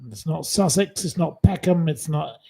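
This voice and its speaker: A man's voice: fairly high pitch, lively intonation, moderate pace, creaky, mellow, slightly rough, low-quality recording. A man from northwest England hosting a casual live quiz from home, rambling and chatty with many fillers. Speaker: livestream host running a quiz.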